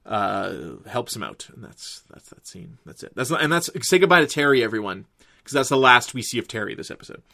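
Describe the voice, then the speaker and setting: Bright-voiced casual male reviewer. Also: mid-range voice, sing-song, brisk, vocal fry, no room sound, studio quality. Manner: rambling, full of filler words, swears casually. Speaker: wrestling and TV reviewer. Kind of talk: casual recap commentary.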